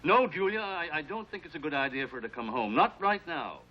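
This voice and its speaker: A man's voice: a little high, big pitch swings. An actor playing a worried husband who stumbles over his words and pleads with his wife. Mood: anxious. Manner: anxious, hurried, stumbling. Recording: dull old TV soundtrack with clear hiss.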